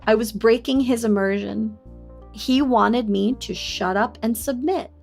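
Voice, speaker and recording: Young woman streamer spilling a story to chat, candid, quiet music underneath. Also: measured pace, vocal fry. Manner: candid and confiding, bursts into high excited squeals at chat. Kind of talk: casual livestream chat, telling a personal story. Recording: faint music behind.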